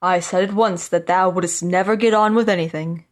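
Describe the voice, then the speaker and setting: A woman's voice: lowish voice, steady tone, normal speed, lightly acted. A woman voicing a poor old woodcutter father who scolds his son, in a storybook reading. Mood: scolding. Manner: scolding, gruff.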